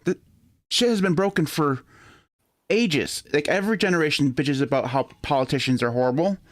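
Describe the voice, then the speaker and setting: Man from Michigan with a Michigan accent, slightly high voice, laid-back podcast co-host who laughs easily. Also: normal speed. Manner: laughs often, swears casually. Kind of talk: casual chat.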